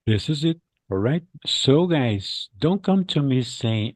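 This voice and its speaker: A man hosting a casual English practice chat on a video call, animated, repeating his words and acting out what people say. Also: medium pitch, a little slow, breathy edge, no echo.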